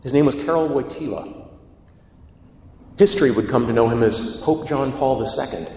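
A man preaching a sermon in an animated, storytelling way, with acted quotes. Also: mid-range voice, normal speed, a little hiss or hum. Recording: echoey hall, long reverb.

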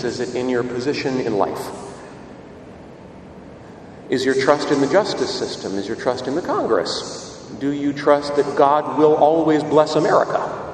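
A man's voice: medium pitch, heavy reverb, big-room sound, far from the mic, slight background noise. A male priest giving a sermon, telling stories and asking rhetorical questions. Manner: expressive storytelling, rhetorical questions.

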